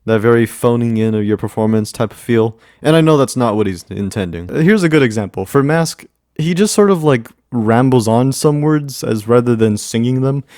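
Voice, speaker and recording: A man's voice: medium pitch, animated, normal speed, darkish tone, no echo, clean studio sound. Rambling casual man reviewing music. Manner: rambling, with many repeats and "you know" fillers. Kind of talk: casual commentary.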